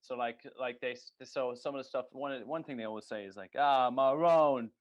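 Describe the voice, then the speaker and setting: A man's voice: medium pitch, brisk. Guy cohosting a podcast, swears a lot, rambles and jokes, kinda dull lo-fi audio. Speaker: podcast co-host. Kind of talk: casual chat.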